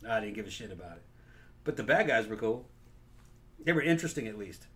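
A man's voice: fairly low pitch, big pitch swings, a little fast, fairly bright tone. A man co-hosting a podcast, giving blunt, profane opinions on a film in casual chat. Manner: blunt, profane, laughs at the absurd. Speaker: podcast co-host.

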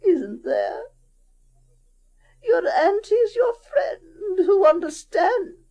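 A woman's voice: very high-pitched, sing-song, extremely slow, gravelly, dark tone, heavily acted, poor audio. A woman voicing a doting, possessive old aunt who pleads tearfully and coaxingly with her niece in a dramatic story reading.

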